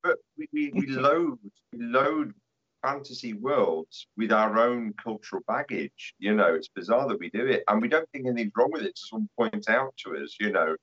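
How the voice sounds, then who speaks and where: A man's voice: lowish voice, moderate pace, a bit bright, breathy edge. A man chatting on a podcast as a guest, making wry, dryly humorous remarks. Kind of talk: casual chat. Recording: dull lo-fi audio.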